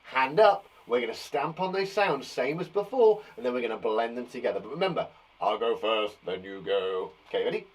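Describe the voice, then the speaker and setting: With a medium-pitched, expressive voice that has a breathy edge, a British man leads a phonics lesson for young kids. He sounds out words slowly and offers encouragement.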